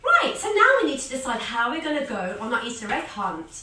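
A woman leading a children's yoga class as a story, giving animated, sing-song encouragement. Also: fairly high pitch, fast talker, distant mic. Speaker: kids yoga teacher. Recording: echoey room, voice off-mic.

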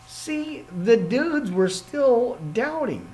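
A man's voice: high-pitched, wildly swooping pitch, takes it slowly, darkish tone, slight background noise, rough recording. A man preaching an informal online Bible study, reading scripture aloud and breaking off into playful, rambling asides.

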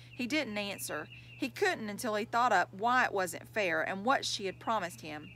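Woman reader, children's novel, lively pitch, expressive. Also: normal speed, hardly any pauses, slight background noise, rough recording. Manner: expressive storytelling. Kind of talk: reading a children's novel aloud.

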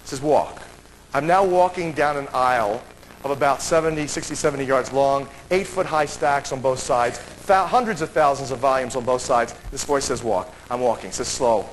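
A man telling a story to an audience, acting out the dialogue with raised voices and dropping to a hush. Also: moderate pace, slight background noise, poor audio. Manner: acts out dialogue with raised pitch, drops to a hush. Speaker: speaker at a seminar. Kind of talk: animated storytelling talk.

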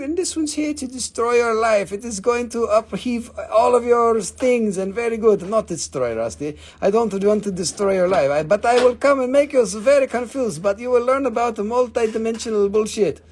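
A man's voice: high voice, animated, a little fast, few pauses, a little mellow, husky. A man hosting a live crystal sale stream, joking around and calling out buyers' names and prices. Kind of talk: live sales stream chat.

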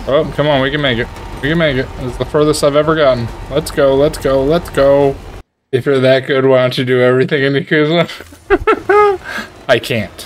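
A man giving casual, excitable, joking commentary while playing a video game. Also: mid-range voice, a little hiss or hum. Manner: excitable, trash-talking, jokey. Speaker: gaming streamer.

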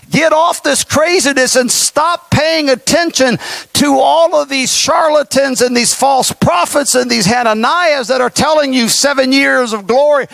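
A man's voice: very high voice, a little slow, gravelly, a bit bright, no echo. A male pastor preaching a sermon, impassioned and folksy, with mocking asides.

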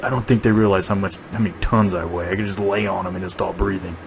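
A man voicing a huge tusked male beast, a grumpy, menacing bully who mutters low threats. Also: steady tone, fast, gravelly, a little hiss or hum, low-quality recording. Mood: grumbling menace.

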